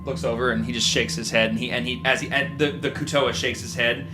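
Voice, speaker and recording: This man is the game master of a tabletop session, and he narrates loosely, stumbling and backtracking as he goes. His voice sits at an ordinary middle pitch. Music plays clearly in the background. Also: steady tone, a little fast. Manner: rambling, self-correcting narration.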